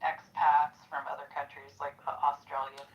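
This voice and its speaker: A woman's voice: low-pitched, little pitch movement, moderate pace, muffled recording. A woman in her forties chatting casually in an online audio room, rambling with lots of fillers. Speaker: chat room participant. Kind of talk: casual chat.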